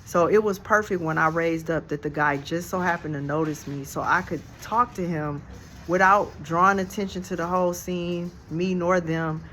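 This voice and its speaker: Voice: mid-range voice, fairly even intonation, normal speed, pushed and bright, slight background noise. A storyteller telling a real-life story in a casual, reflective, slangy way, recorded outdoors on a handheld phone. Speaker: storyteller vlogger. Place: outdoors on a porch. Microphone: phone held in hand.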